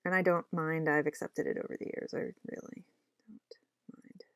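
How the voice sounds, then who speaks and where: Young woman, chatty comic-artist vlogger, talks to herself while drawing, rambling and self-mocking, lower voice. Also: flat delivery, brisk, dry recording, studio quality. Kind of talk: casual chat while drawing.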